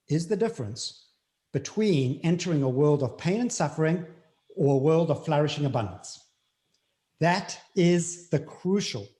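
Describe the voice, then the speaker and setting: Earnest and reflective, a South African-accented interview guest often repeats his key phrases to drive them home. His voice is mellow and sits fairly high for a man.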